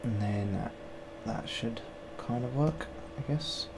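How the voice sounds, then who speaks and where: A man's voice: mid-range voice, slow, background noise. A man on a livestream, rambling and thinking aloud as he sculpts, joking at himself and greeting viewers. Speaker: sculptor streaming his work. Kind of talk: casual livestream chat while working.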